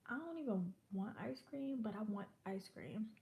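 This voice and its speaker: A woman's voice: mid-range voice, lively intonation, normal speed, gravelly, mellow. A pregnant woman in her twenties chatting casually to the camera while she eats, rambling from topic to topic. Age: 20s. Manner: rambling, chatty, talks between bites. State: pregnant and full from eating. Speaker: vlogger.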